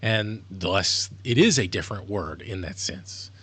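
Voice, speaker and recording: A man's voice: low-pitched, expressive, a little slow, fairly bright tone, slightly rough. A man streaming live, talking casually in a rambling, self-correcting way as he explains things. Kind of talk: casual livestream monologue.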